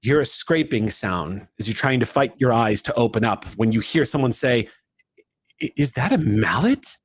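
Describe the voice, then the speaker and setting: Husky man narrating a game. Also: mid-range voice, fairly quick. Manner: shifting pace, swift then drawn out. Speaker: game master. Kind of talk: dramatic second-person narration.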